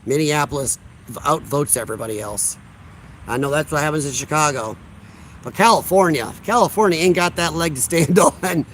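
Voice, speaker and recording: A man's voice: a little high, moderate pace, fairly bright tone, slight background noise. Blunt sarcastic man livestreaming outdoors. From Illinois. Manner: blunt, combative, sarcastic, chuckles while reading comments. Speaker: livestream host reading chat. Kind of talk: casual livestream chat. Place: outdoors on a deck.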